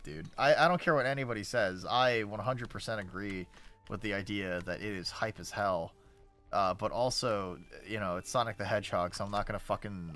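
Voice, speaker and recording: A man's voice: fairly low pitch, bright, forceful tone. A male streamer giving casual, rambling gameplay commentary, sarcastic and swearing often.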